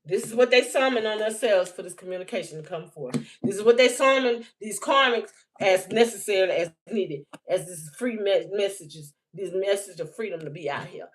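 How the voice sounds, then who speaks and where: A woman's voice: mid-range voice, moderate pace, rough recording. A woman giving a livestream spiritual message, emphatic and repetitive, blunt and often profane, speaking into a phone.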